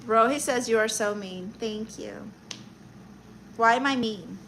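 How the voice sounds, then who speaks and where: A woman's voice: a little high, a little slow, a bit bright, a little hiss or hum, low-quality recording. A woman comedian hosting a casual livestream, reading viewer comments aloud and answering them with sassy, teasing banter. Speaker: livestream host reading chat; stand-up comedian.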